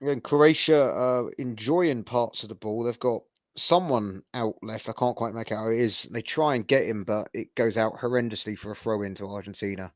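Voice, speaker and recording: A man co-hosting a live football watchalong, chatting casually and telling animated stories. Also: on the low side, moderate pace, few pauses, no room sound. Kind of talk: casual football chat and commentary.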